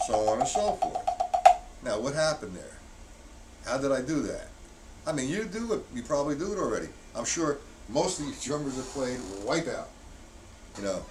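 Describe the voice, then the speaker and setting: A man's voice: mid-range voice, sing-song, moderate pace. Guy teaching drums on a stream, counts it out and hits the accents hard, mic kinda far off. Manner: counts out loud, stressing accented beats. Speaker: drum teacher. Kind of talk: live-streamed drum lesson. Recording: distant mic, loud background noise.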